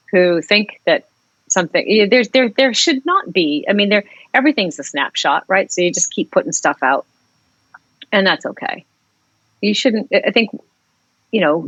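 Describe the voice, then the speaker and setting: A woman's voice: mid-range voice, a bit bright, no echo, muffled recording. A woman singer-songwriter talking frankly and reflectively as a guest in a casual interview, rambling and swearing at times.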